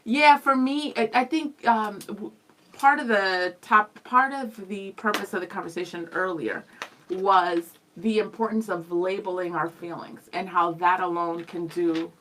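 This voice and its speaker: A lively young woman co-hosts a casual radio live stream, reading out viewer comments as she goes. Her voice is bright and forceful at a middling pitch. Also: unhurried, slight background noise, rough recording. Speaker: radio show co-host.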